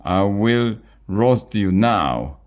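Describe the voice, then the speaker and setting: A man reading aloud, voicing an excitable, flustered male chef in a children's story. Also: fairly low pitch, drawn-out words, voice pushed up.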